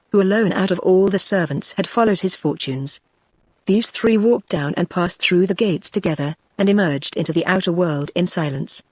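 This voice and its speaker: A text-to-speech voice of a woman with a British accent, reading a novel aloud in an even, measured way. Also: on the low side, breathy edge, no echo. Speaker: audiobook narrator.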